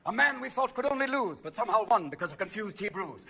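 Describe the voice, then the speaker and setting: A man performing manic, rapid-fire stand-up comedy, constantly leaping into voices and impressions on a theater stage. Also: sits high, big pitch swings, gravelly. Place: theater stage before a live audience. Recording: live show recording with crowd laughter and noise.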